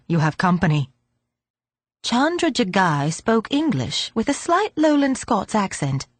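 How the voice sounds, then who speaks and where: A woman narrating an audiobook in a gentle, measured storytelling manner. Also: mid-range voice, no room sound. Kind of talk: scripted narration.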